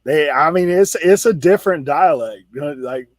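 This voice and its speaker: A reseller host from the Outer Banks in North Carolina, this man has a slightly high voice, a drawl and a normal speaking speed. On a relaxed video call hangout he chats and banters, laughs a lot, uses plenty of fillers and keeps saying "like." The close mic is dry, with no room sound.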